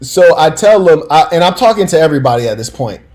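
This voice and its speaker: A man's voice: a little high, sing-song, quick pace, darkish tone. A man hosting a casual commentary stream, telling stories in a slangy, emphatic way and talking straight to his audience.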